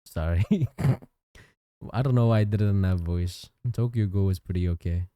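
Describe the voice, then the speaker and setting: Here a digital artist streams while drawing, speaking in an unhurried, low-pitched way. He chats easily with his audience, thanks them, and keeps a lively, up-and-down tone. The sound is dry and studio-clean.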